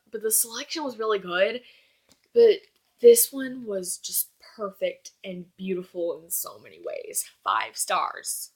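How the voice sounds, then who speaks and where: A young woman chatting casually in a book review vlog, gushing and acting out characters' lines. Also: medium pitch.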